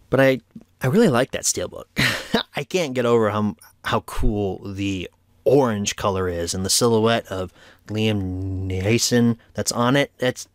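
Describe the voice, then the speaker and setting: A man's voice: medium pitch, no room sound, studio quality. A man hosting a casual home media review vlog, chatty and opinionated as he wraps up an episode. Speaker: movie reviewer, show host.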